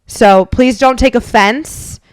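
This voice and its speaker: A woman co-hosting a podcast, telling a lively story and acting out the quotes of others. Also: on the high side, takes it slowly, clean tone. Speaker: podcast co-host. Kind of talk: casual storytelling chat.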